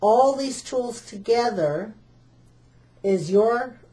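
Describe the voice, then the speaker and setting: Slow-speaking woman interviewer. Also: fairly high pitch, lively intonation, mellow. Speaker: interview host. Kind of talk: interview questions.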